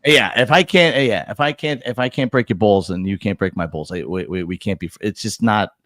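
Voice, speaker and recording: A man's voice: lowish voice, brisk, fairly bright tone, no room sound, studio quality. A middle-aged man hosting a podcast, telling profane workplace stories in casual chat, restarting his sentences often. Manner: profane storyteller with many restarts. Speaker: podcast host.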